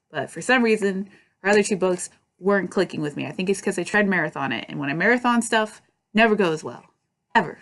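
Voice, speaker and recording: A woman's voice: mid-range voice, fairly bright tone. A young woman vlogging at home, chatting casually and rambling with lots of fillers and restarts. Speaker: book vlogger. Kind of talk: casual chat. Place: at home by her bookshelves.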